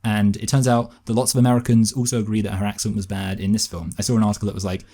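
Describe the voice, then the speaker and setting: A young man talks films with a friend in a loose, rambling way, piling on fillers as he goes. His delivery is fast and his voice sits low. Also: little pitch movement, warm tone. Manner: rambling, quick and offhand, with many fillers. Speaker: co-host of a film review show. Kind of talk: casual chat.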